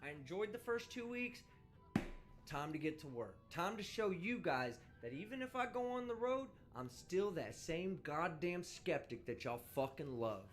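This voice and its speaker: A brash man hosts his live stream and swears freely in a casual, animated rant. His voice sits high and swings widely from line to line. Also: moderate pace, soft background music. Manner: brash, vulgar, animated ranting. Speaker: livestream host. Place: indoors, traveling.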